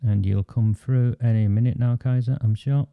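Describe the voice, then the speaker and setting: A man's voice: medium pitch, fairly even intonation, normal speed, gravelly, clean tone, narrow, tinny audio. A man with a Northern English accent, hosting a livestream and talking in an emphatic, indignant, repetitive way. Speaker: live stream host. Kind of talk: impassioned livestream monologue.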